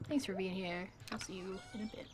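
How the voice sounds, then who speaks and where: A woman's voice: medium pitch, fairly even intonation, a little fast, very noisy. A woman streaming a farming game, chatting casually and playfully with her viewers in rambling, jokey asides. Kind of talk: casual gameplay live stream chat.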